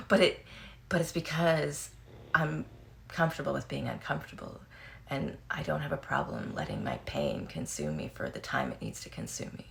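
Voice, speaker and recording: Gravelly, animated woman talking frankly. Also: sits low, brisk, slight background noise. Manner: frank, swears casually, laughs often; animated, acts out quoted voices. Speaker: vlogger. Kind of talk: casual talk to camera.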